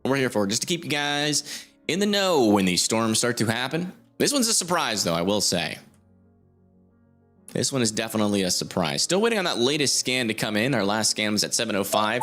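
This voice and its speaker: A young man hosts a storm chaser livestream, informally commenting on a storm shown on radar and thinking aloud with lots of fillers. His mid-range voice is sing-song and fairly bright, at a moderate pace, with soft music in the background.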